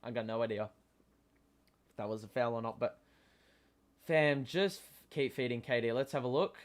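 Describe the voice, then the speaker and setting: A man hosting a live basketball watchalong, talking casually with many fillers and sudden excited outbursts. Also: mid-range voice, normal speed. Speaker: host.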